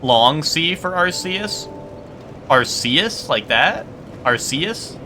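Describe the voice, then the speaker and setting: This casual gaming stream features a man whose medium-pitched voice swings widely in pitch, bright and forceful at a normal speed. He rambles, fixes his own words and playfully spars with his chat, with a little noise in the background.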